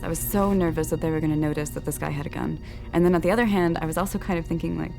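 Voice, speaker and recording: A young woman telling the story of her kidnapping in a documentary interview, halting and earnest, with many restarts. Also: deep voice, fairly even intonation, vocal fry, warm tone. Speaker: survivor recounting a crime. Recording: music bed under the voice.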